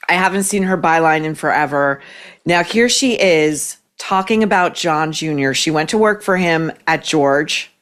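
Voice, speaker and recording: A woman's voice: sits low, moderate pace, a bit bright. A woman hosting a commentary podcast, talking in a sarcastic, cutting way. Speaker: podcast host. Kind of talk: opinionated commentary.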